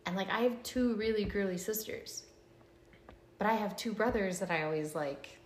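A woman's voice: medium pitch, normal speed, a little hiss or hum. Chatty woman host in an echoey room. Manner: chatty storyteller, fills speech with "like". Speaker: podcast host. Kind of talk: casual chat.

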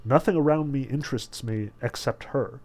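A man's voice: mid-range voice, normal speed, darkish tone, lightly acted. A man reading as a broken, weary writer.

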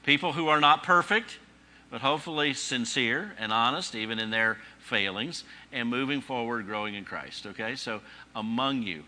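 A man's voice: mid-range voice, moderate pace, sharp tone. A man preaching a sermon in a conversational teaching manner, using rhetorical questions, dry humor and emphatic repetition. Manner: emphatic repetition, rising on key phrases. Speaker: pastor.

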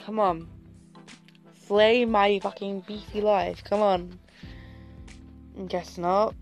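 A woman's voice: medium pitch, fairly even intonation, slow pace. A young woman hosting a casual podcast chat, sassy and theatrical, swearing a lot as she talks to her viewers. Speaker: podcast host. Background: faint music.

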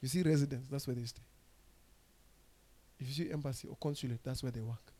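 A man with a Kenyan accent preaching a sermon, asking the congregation questions and swinging from soft, low passages to loud, rising exhortation. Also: fairly even intonation, brisk. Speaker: pastor.

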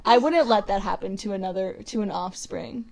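A woman's voice: medium pitch, brisk, vocal fry, a little mellow. A woman co-hosting a casual podcast, chatty and rambling in a bubbly way. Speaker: podcast co-host. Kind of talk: casual chat.

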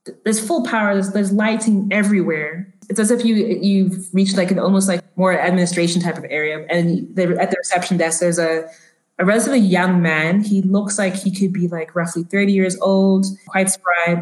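A woman narrating as game master, halting with many restarts. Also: on the low side, fairly even intonation. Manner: halting, full of restarts and fillers. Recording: roomy echo.

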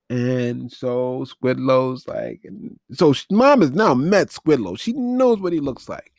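A man's voice: mid-range voice, expressive, slow pace, gravelly, darkish tone, dry recording, studio quality. A man hosting a podcast, recapping an old movie in a rambling, wry, casually profane way and laughing at how ridiculous it is. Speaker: podcast host.

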